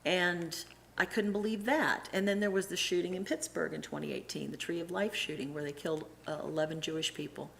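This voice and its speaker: A middle-aged woman giving a casual, animated church talk, acting out the voices of people she quotes and often restarting her sentences. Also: fairly low pitch, brisk, gravelly, slight background noise. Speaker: church presenter and Sunday school teacher.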